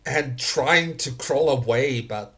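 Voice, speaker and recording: A man's voice: mid-range voice, bright, forceful tone. A man narrating grim scenes as game master in a tabletop game. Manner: slow, grim scene-setting.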